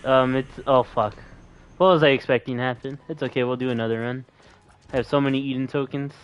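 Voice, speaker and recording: A man's voice: medium pitch, fairly even intonation, fairly quick, highs cut off, a little hiss or hum. A young man streaming a game, talking in a loose, laid-back way and swearing casually. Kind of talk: casual gameplay chat.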